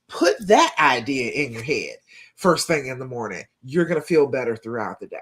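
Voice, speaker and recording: Lively-voiced woman coaching live. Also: low voice. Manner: encouraging, direct, checks in with "okay?"; reads affirmations aloud slowly. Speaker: love coach. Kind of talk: live-streamed coaching talk.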